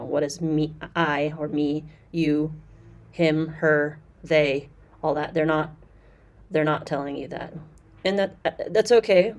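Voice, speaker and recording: A woman with a notably low voice talks through a language course, pausing often with ums and starting her sentences over. Her delivery is loose and conversational, like an informal review. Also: darkish tone. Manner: chatty, explanatory, with frequent fillers and restarts. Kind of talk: casual review commentary.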